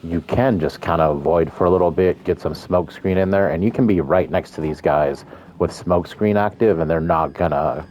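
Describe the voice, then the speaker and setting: A man with an extremely deep, low voice, still groggy from the morning, talks through a game in a casual commentary. He rambles along unhurried, filling pauses with ums. A faint noise sits behind him. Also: mellow. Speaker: gameplay commentator.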